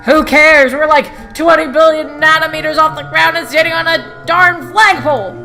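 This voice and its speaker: A woman voicing a sarcastic man in a game, shouting in loud exclamations. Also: high-pitched, normal speed, soft background music, pitched above the performer's own voice. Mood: panicked.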